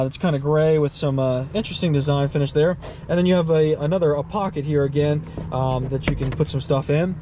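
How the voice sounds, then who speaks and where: An upbeat man with a fairly high voice walks around a vehicle outdoors, giving a chatty, folksy review. Faint outdoor noise sits under his voice. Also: warm tone. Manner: upbeat, folksy, chatty with fillers and little laughs. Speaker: car reviewer. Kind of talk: casual walkaround car review.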